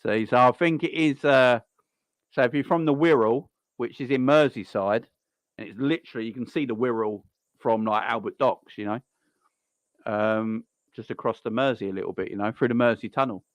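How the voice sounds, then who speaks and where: A live-stream host chats his way through a football watchalong, rambling, greeting viewers and answering chat between plays. His voice is an ordinary mid pitch at a moderate pace. The recording is dry and close, with no echo or room sound.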